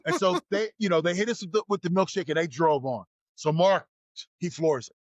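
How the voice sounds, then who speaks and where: Male guest, high voice, lively storyteller doing voices, dry close sound. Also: a little fast, no echo, muffled recording. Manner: acts out voices and shouts in his stories. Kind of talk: animated storytelling.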